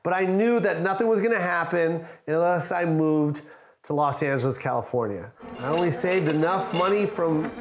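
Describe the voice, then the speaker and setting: A middle-aged man, a stand-up comedian, telling a comic story in an animated, swearing way and acting out every voice. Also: a little high, moderate pace. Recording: roomy echo with faint music.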